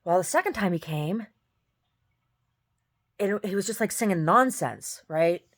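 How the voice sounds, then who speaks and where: A woman who sings tells a story in a casual, exasperated rant, often mimicking other people. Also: a little slow. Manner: animated, exasperated, mimics others in high voices. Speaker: singer.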